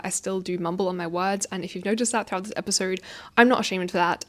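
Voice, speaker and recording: A young woman hosting her own podcast at home, talking fast and expressively with frequent laughs and a slight stutter now and then. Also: medium pitch. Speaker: podcast host. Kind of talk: casual advice monologue. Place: home, indoors. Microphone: facing own camera.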